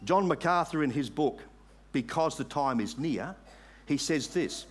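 A man preaching a sermon, making earnest appeals to the congregation and reading scripture aloud slowly. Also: fairly high pitch, lively intonation, husky. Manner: earnest, rising to emphatic appeals.

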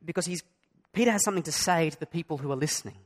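A middle-aged man preaches in an earnest, searching way, putting question after question to his congregation. His voice sits fairly high for a man. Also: racing. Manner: earnest, asks the listeners many direct questions. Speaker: pastor. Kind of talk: sermon.

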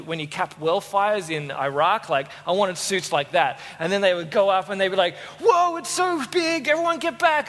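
High-voiced Australian man preaching. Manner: animated storyteller, acts out voices. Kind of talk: sermon with personal storytelling. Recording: long hall reverb.

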